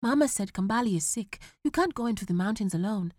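A woman's voice: medium pitch, animated, fast, a little mellow, no echo, studio quality, voice pushed up, close to an everyday voice. A woman voicing a frightened fourteen-year-old boy who begs his father not to leave, with urgent, pleading delivery.

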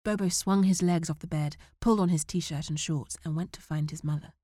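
A woman's voice: low-pitched, steady tone, mellow, dry recording. Woman narrating an audiobook, dry sound. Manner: measured, dramatic.

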